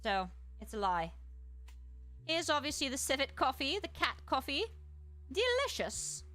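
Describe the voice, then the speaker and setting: A woman streamer in casual chat, reading aloud and musing with quick asides to her chat. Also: sits high, animated, sharp tone, faint music behind. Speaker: streamer host.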